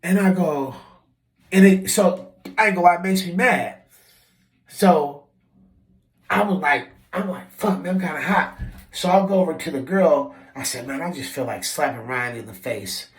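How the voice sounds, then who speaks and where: Animated profane man telling a story. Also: on the high side, moderate pace, reverberant. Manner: animated, profane, acts out quotes with shifting voice. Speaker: vlogger telling a work story. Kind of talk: casual storytelling monologue.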